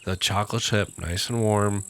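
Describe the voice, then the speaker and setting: Male podcast co-host, casual, joking, slightly low, bright tone, faint background noise. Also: moderate pace. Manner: joking, riffs with deadpan one-liners. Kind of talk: casual chat.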